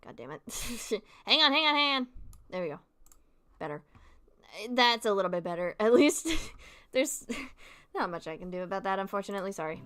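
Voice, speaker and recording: A young woman in her twenties streaming a game live, gushing excitably and swearing casually as she chats to viewers. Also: mid-range voice, moderate pace, long pauses, smooth.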